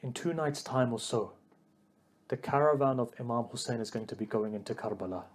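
Man, preacher, emotional sermon, impassioned, speaks straight to the congregation, mid-pitched voice. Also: brisk. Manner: impassioned, building to a raised, pleading delivery; addresses the congregation directly.

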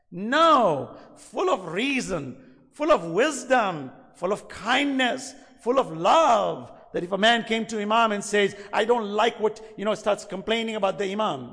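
A man giving a sermon, impassioned, swinging between loud emphasis and soft asides. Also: high-pitched. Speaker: preacher. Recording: long hall reverb.

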